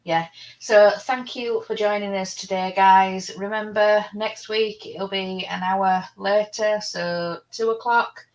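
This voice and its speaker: A woman's voice: medium pitch, steady tone, slow, low-quality recording. A woman co-hosting a craft livestream, giving an easygoing, brief sign-off. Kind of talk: casual chat, closing a show.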